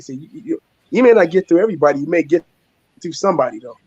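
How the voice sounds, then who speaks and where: Husky man in casual chat. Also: fairly high pitch, fast, dry recording. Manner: animated, swearing storyteller. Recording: dull lo-fi sound.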